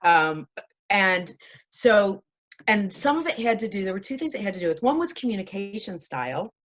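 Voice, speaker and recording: A woman's voice: mid-range voice, sing-song, moderate pace. A woman host, being interviewed, chatting casually and laughing at herself often over a video call. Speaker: show host, interviewed as guest.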